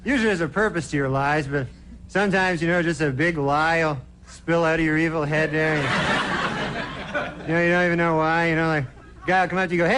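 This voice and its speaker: A man's voice: a little high, fairly even intonation, a little fast, a bit bright, slight background noise. A man doing a stand-up routine on a television studio stage, with a loose, rambling delivery full of "you know" and "uh". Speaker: stand-up comedian.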